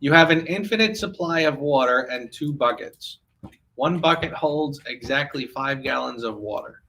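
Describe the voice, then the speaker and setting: A man leads a relaxed classroom discussion, setting out a puzzle and patiently going back over it. His mid-pitched voice is bright and forceful. Faint room noise sits behind him. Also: moderate pace, rough recording. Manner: poses a puzzle and restates it patiently.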